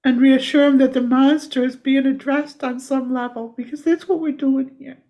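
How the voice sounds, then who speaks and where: Woman, energy healer, high voice, earnest and gentle, repeats her words, relaxed chat. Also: normal speed, highs cut off. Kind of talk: heartfelt casual conversation.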